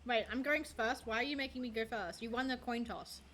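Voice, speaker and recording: A young woman on a desk streaming mic, with a bright, slightly high voice that rambles happily between card plays. She pokes fun at herself and drops the odd swear, with faint hiss underneath. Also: fairly quick. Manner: rambling, chatty, self-deprecating, swears casually. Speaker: VTuber streamer. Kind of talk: casual gaming stream chat.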